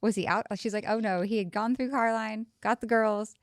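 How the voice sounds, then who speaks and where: A woman's voice: on the high side, fairly even intonation, normal speed, no echo, studio quality. A woman in her thirties co-hosting a podcast in a casual chat, who chimes in and finishes her partner's sentences. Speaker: podcast co-host.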